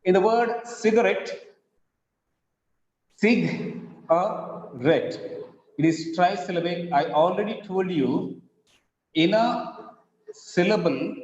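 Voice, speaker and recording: A man teaching over slides, explaining slowly and repeating his examples. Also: high voice, darkish tone. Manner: slow, repetitive explaining with spelled-out examples. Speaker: English teacher. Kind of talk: recorded lecture over slides. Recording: echoey, dull lo-fi room recording.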